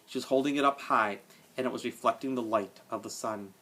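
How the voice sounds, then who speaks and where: A male teacher reading a children's novel aloud to his class with expressive storytelling. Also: mid-range voice, a little fast. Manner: expressive storytelling, casual aside at end.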